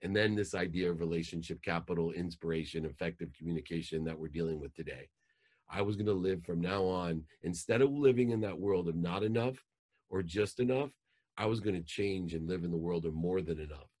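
Deep-voiced man telling a life story. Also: a little fast. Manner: emotional, animated storytelling with rising outbursts. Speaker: podcast guest. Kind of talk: personal storytelling.

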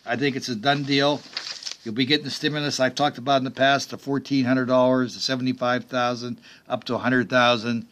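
A man's voice: mid-range voice, flat delivery, fairly quick, a bit bright, slight background noise. A middle-aged man hosting a political talk radio show, delivering emphatic commentary with sarcastic, mocking asides.

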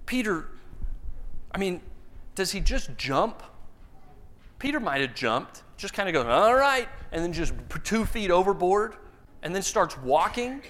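A pastor with a notably high voice delivers a sermon. He tells the story with animation and humor, slipping into playful voices for the people in it. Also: very animated, unhurried, pauses often, a bit bright.

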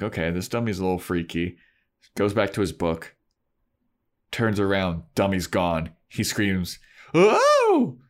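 A man co-hosting a podcast, casually recapping a TV episode and acting out characters' lines. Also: sits low. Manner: retells scenes, acting out lines. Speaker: podcast co-host.

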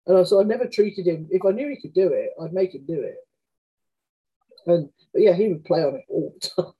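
A woman's voice: on the low side, normal speed, pauses often, husky, highs cut off. A woman, an author telling candid stories in conversation, chatty and frank, often acting out quoted dialogue. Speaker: author guest.

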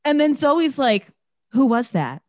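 A woman's voice: high voice, big pitch swings, measured pace, no room sound, clean studio sound. A woman co-hosting a podcast, recapping a movie in casual chat, sarcastic and swearing as she acts out the characters' lines. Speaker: podcast co-host.

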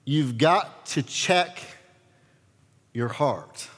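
A man's voice: mid-range voice, extremely slow, husky. Pastor guy preaching, acts out the quotes, echoey church hall. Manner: animated storytelling, acts out quotes. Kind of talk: sermon.

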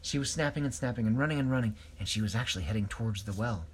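A man telling an improvised story, hesitant, pausing and correcting himself. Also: mid-range voice, slight background noise.

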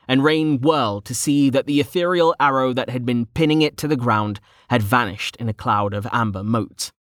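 A man narrating a fantasy audiobook in steady storytelling. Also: medium pitch, no echo, studio quality.

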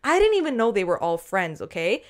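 A woman co-hosting a podcast, telling a story in a lively, swearing manner and acting out what people said. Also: medium pitch, fairly quick. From not from Australia. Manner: animated, swears freely, acts out quotes. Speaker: podcast co-host. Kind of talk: casual storytelling chat.

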